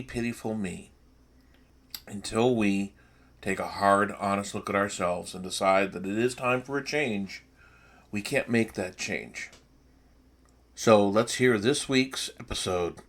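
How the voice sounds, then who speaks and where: A man's voice: on the low side, fairly bright tone. A man hosting a podcast, giving an earnest, reflective scripted introduction. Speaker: podcast host.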